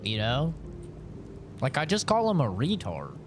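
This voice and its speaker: A man's voice: mid-range voice, wildly swooping pitch, unhurried, over music. A man streaming a game, chatting casually and rambling with jokes to his viewers. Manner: rambling, joking, talks to chat. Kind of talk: casual gameplay chat.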